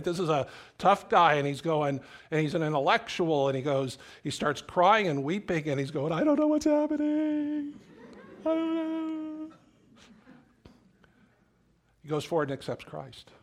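A middle-aged man preaches a sermon in a loose, conversational way, telling stories and restarting his phrases as he thinks. His voice sits in an ordinary middle register. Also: medium pitch. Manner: conversational, storytelling, repeats words. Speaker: pastor.

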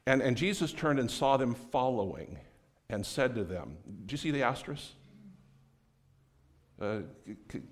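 A man preaching a sermon in a conversational way, acting out the people in the story and often restarting his sentences. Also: mid-range voice. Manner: conversational, acts out quoted voices, many restarts. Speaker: pastor.

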